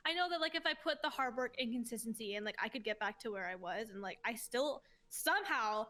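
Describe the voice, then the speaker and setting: A woman's voice: on the high side, animated, fairly quick, sharp tone. A woman in her twenties, a streamer guest, telling stories in a casual interview in a gushing, heartfelt way and swearing casually.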